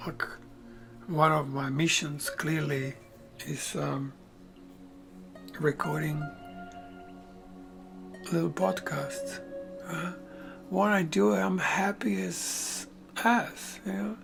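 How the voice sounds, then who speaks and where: Gravelly, slow-talking man. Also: a little high, steady tone. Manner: unhurried, soft-spoken, drifts into near-whispers, chuckles often. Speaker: podcaster. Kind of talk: reflective spiritual talk. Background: faint music.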